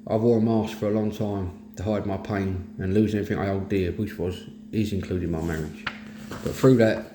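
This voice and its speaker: A middle-aged man with a London Cockney accent speaks in a low, mellow voice, plain-spoken and earnest. The sound is echoey, as if recorded in a bare room, with a faint hiss underneath. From East London, England. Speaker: host of a mental health talk. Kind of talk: candid personal monologue.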